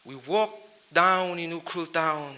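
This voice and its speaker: A man's voice: a little high, fairly even intonation, takes it slowly. A man giving a rhyming motivational speech to young men, preachy and full of wordplay. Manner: preachy, wordplay-heavy, dramatic swings in loudness. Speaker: motivational speaker.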